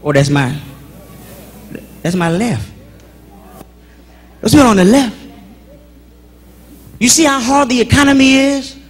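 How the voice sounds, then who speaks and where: A man giving a joking church welcome that swings into shouted preaching, bantering with the congregation. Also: very high-pitched, unhurried, pauses often, breathy edge.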